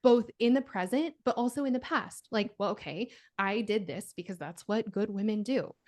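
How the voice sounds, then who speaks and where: A woman's voice: medium pitch, moderate pace. A woman, an author, on a podcast as a guest, talking casually and with energy while she walks through advice step by step. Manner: energetic, lays out steps, many fillers like "like".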